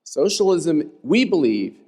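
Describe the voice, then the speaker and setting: A man's voice: a little high, big pitch swings, a little slow, darkish tone. A man hosting a stage panel discussion, talking in an emphatic, upbeat way. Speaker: conference host. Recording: long hall reverb.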